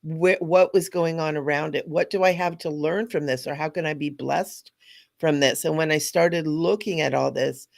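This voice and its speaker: Middle-aged spiritual teacher lady, gravelly fry in her voice, earnest and chatty, laughs a lot. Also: low-pitched, fairly even intonation, moderate pace. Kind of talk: casual spiritual talk.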